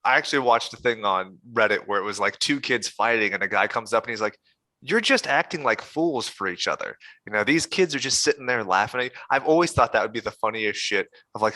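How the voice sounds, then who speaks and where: A man's voice: lowish voice, bright, forceful tone, no room sound. A man co-hosting a podcast in casual chat, blunt, enthusiastic and freely profane. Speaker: podcast co-host.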